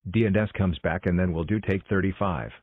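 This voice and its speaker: Exclamatory man narrating homemade bloopers, low voice, muffled lo-fi audio. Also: background noise. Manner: exclamatory, hurried, calling cuts and takes. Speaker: creator directing a logo blooper video. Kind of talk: scripted fan cartoon narration.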